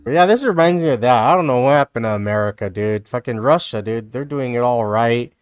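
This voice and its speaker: Male streamer, smooth dry voice, rambling and sarcastic, repeats himself constantly. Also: medium pitch, expressive, fairly quick, no echo, faint music behind. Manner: rambling, repetitive, mocking, peppered with "dude" and "you know". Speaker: live streamer reacting to videos. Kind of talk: casual rambling stream commentary.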